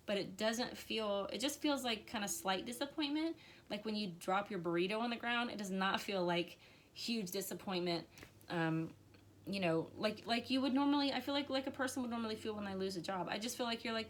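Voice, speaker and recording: A woman's voice: medium pitch, fairly quick. A woman reading tarot cards on a live stream, chatty and emotional, with many fillers. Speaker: tarot reader.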